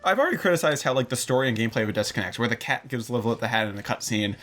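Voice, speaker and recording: A man's voice: mid-range voice, expressive, racing, fairly bright tone, soft background music. A man casually commentating a video game, critical and ranting. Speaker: let's play co-host.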